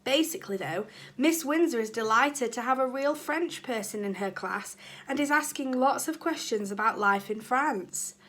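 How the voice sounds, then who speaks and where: A woman's voice: on the high side, expressive, moderate pace, a bit bright. A woman, a primary school teacher, reading a children's book aloud with chatty asides to the children.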